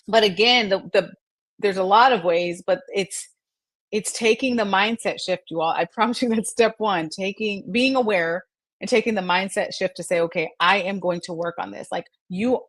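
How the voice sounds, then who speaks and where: A woman's voice: medium pitch, dry recording. A middle-aged woman hosting a live mental health segment, chatting through viewer comments in an encouraging way and laughing often. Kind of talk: live-stream chat answering viewer comments.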